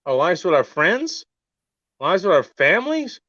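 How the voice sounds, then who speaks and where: A man hosting a show in a profane mock-serious rant, firing rhetorical questions and dropping from loud outbursts to near-murmurs. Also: high voice, big pitch swings, a little slow, no room sound. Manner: heavy swearing, rhetorical questions. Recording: dull lo-fi dry recording.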